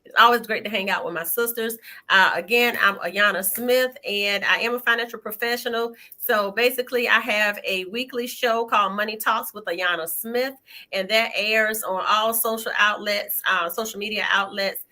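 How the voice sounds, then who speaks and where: A woman with a New York accent, a financial professional on an online panel, talking fast and excitedly. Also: medium pitch. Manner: fast, excited, rushes her words. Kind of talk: casual online panel chat.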